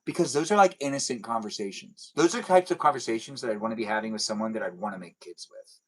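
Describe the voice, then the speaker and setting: A young man with a lowish, slightly rough voice talks quickly while hosting a casual livestream. He reads viewer comments, chatting and joking in a rambling, self-deprecating way, over poor audio.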